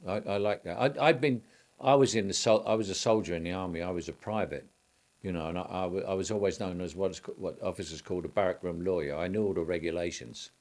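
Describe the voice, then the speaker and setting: A man's voice: deep voice, fast, a little mellow. An older man, an actor reminiscing in an interview, rambling with frequent restarts and small chuckles.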